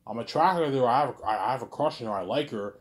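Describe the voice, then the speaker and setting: A man's voice: medium pitch, quick pace. A man rambling in a casual monologue to camera, stumbling over his words, swearing freely, and leaning on the same filler phrases again and again. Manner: repeats "obviously" and "you know what I'm saying", stumbling restarts, crude slang. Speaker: vlog host talking to camera.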